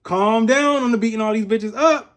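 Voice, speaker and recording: A young man from Ohio giving a casual, profane commentary on a reality show. He is chatty, laughs often and makes animated asides. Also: extremely high pitch, normal speed. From Columbus, Ohio, USA. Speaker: reality TV reviewer.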